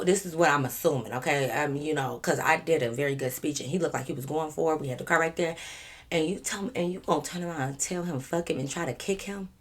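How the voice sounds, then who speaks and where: Low-voiced playful woman telling a story. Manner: playful, animated, slangy, acts out quotes. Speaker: storytime vlogger. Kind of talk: casual storytelling to viewers.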